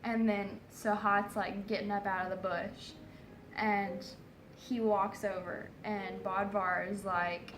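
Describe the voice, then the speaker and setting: Slow, rambling tipsy woman storyteller. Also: medium pitch, flat delivery, fairly bright tone, echoey room, a little hiss or hum, poor audio. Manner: rambling, full of "like" and "so then". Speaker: narrator. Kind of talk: casual comic retelling.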